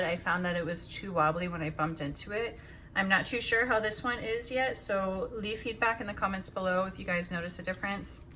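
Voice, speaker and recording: A young woman talks casually to her viewers, explaining her budget in a friendly, chatty way. Her voice is bright and she sounds a little out of breath. A faint noise sits under the recording. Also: medium pitch. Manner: chatty, counts cash aloud softly. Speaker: budgeting channel host. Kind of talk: casual chat to camera.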